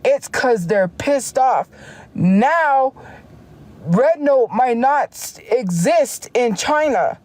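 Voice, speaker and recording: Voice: mid-range voice, lively intonation, extremely slow, a little mellow. A streamer ranting heatedly on a casual livestream, often restarting sentences. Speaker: live streamer.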